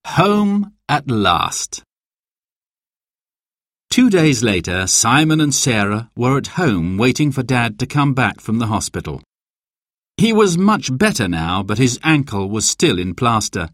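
Slow, expressive storybook narrator man. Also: mid-range voice, no echo, clean studio sound. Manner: clear, expressive, deliberate. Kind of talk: children's storybook reading.

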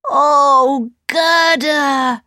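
A woman voicing a young boy in a storybook reading, high and pleading. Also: lively intonation, brisk, mellow, husky, no echo, clean studio sound. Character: young boy, dazed then warm.

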